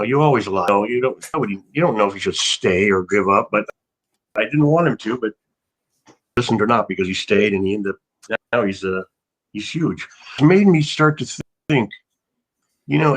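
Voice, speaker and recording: A husky American man chatting as an interview guest, his voice swinging up and down with lively intonation. He rambles through self-mocking stories and breaks into loud laughter. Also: fairly low pitch, moderate pace, rough recording. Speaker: actor guest. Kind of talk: casual interview chat.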